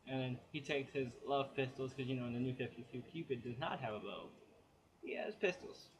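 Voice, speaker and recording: A man's voice: mid-range voice, fast. Chatty man rambling through a review. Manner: chatty, rambling plot retelling full of fillers. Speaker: comic book reviewer. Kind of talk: casual spoken review.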